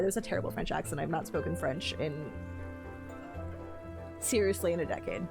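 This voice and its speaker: A woman streamer reading a book from a game aloud to her chat, breaking off for playful asides. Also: medium pitch.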